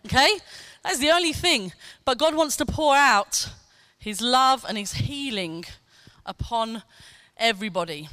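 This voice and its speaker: Bright, high-voiced woman preaching. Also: unhurried, long pauses, clear, resonant tone, dry recording. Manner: animated storytelling, acts out quotes, laughs often. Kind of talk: sermon with personal testimony.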